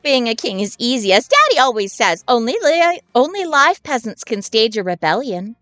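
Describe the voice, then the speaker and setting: A woman's voice: a little high, very animated, normal speed, a bit bright, dry recording, faint music behind. A woman voicing a spoiled, cruel princess who talks in a prim, sweetly menacing way.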